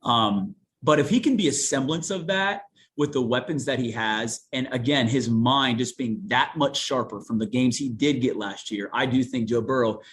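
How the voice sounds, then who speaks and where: Chatty Central Ohio sportscaster, mid voice. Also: male voice, mid-range voice, moderate pace, slight background noise. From Newark, Ohio. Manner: animated, chatty, folksy. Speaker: TV sportscaster guest. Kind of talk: casual sports interview.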